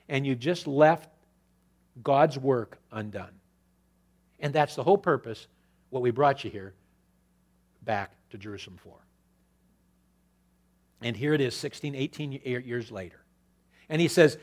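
A man preaching an expository sermon, slow and hesitant at times, rising to forceful declarations and dropping to near-quiet asides. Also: fairly high pitch, animated. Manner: hesitant restarts and fillers. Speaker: pastor.

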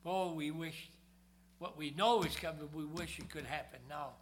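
A man preaching a sermon who swings between loud emphasis and hushed low tones and slows down to read scripture. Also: steady tone.

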